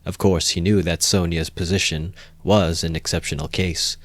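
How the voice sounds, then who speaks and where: A man calmly narrating a novel as an amateur audiobook reader, in a measured way close to the mic. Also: low voice, no room sound.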